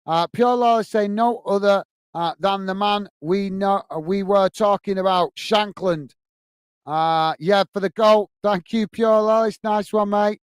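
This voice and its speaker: A man's voice: high voice, a little slow, smooth, no echo. A man from the UK hosting a live football fan stream, reading out viewer messages, thanking people by name and calling them mate, now and then flustered by his lagging computer. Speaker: host reading live chat. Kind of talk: casual live-stream chat.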